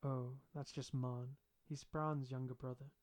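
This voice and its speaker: A man voicing a shy but witty young woman student in an audiobook reading, with a gentle, wry delivery. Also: medium pitch, level tone, unhurried, natural voice.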